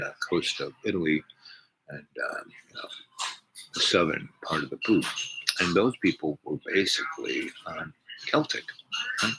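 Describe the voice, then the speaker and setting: A man's voice: deep voice, sharp tone. An older man telling a rambling personal story, meandering through restarts and asides. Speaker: speaker. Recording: noisy recording with clicks.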